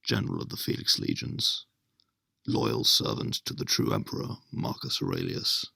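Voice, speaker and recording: A man doing an impression of a vengeful Roman general from a film, in a very low, gravelly, whispery growl. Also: huge pitch swings, normal speed, sharp tone, no echo, heavily acted. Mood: grim. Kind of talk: dramatic film-quote impression.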